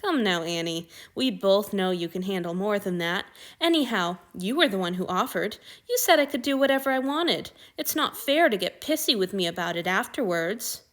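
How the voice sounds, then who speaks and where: A woman's voice: medium pitch, expressive, normal speed, hardly any pauses, fairly bright tone, natural voice. Woman voicing Marcus, a cool condescending male lover. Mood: chiding. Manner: smooth, chiding, patronizing. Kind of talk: audiobook reading of fan fiction.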